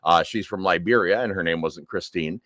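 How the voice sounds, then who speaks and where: A man with a fairly low voice tells a personal story straight into his own camera, in the loose, conversational way of a credit coach giving advice. He circles back and repeats key phrases for emphasis. The sound is close and dry, with no room echo. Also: normal speed, fairly bright tone. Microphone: self-filmed camera.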